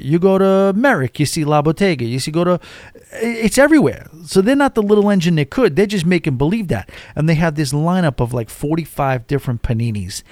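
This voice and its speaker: A man rambles cheerfully through a solo cruise commentary, his voice sitting a bit high for a man. The sound is close and dry, with no room around it. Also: darkish tone, no echo. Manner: rambling, chatty, jumps between topics. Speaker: cruise podcast host.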